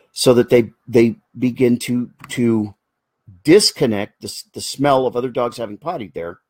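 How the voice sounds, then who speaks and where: Husky-voiced man hosting a casual Q&A. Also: medium pitch, darkish tone, no echo. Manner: earnest, explanatory, drifts into asides and restarts. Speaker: host of a live Q&A show. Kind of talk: casual live Q&A, answering viewer comments.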